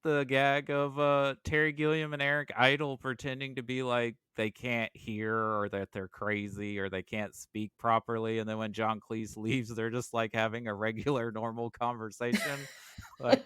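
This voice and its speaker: A man's voice: mid-range voice, level tone, moderate pace, fairly bright tone, clean tone, dry recording, clean studio sound. A man as a podcast guest, chatting casually and retelling film scenes with laughter. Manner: laughing storyteller, acts out quoted lines. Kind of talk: casual chat.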